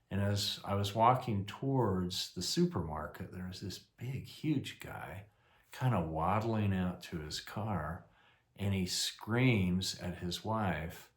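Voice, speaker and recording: An older man casually telling a rambling, self-deprecating personal story, full of fillers. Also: sits low. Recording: echoey room.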